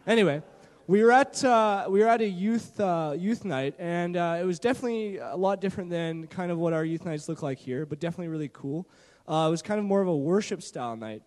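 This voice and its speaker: Man, high voice, church testimony, animated storytelling, lots of fillers, handheld mic, long hall reverb. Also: brisk. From Canada. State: shaky from not eating. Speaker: church youth leader sharing a mission trip story. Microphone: handheld microphone.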